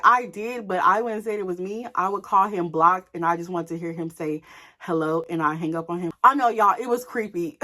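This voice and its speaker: A young woman vlogger telling a story in a casual, animated way, candid and profane, speaking straight to her viewers. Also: mid-range voice.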